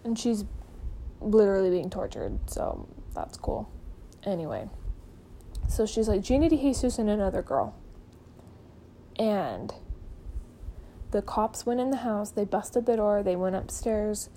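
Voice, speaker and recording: A woman hosts her own podcast and talks through a case in a loose, conversational way, filling her sentences with "like" and "um." Her voice sits at a middle pitch with a warm, mellow tone. She slips into the voices of the people she quotes as she tells it. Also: measured pace, long pauses, slight background noise, poor audio. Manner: chatty, peppered with "like" and "um". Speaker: podcast host. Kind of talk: casual true-crime storytelling.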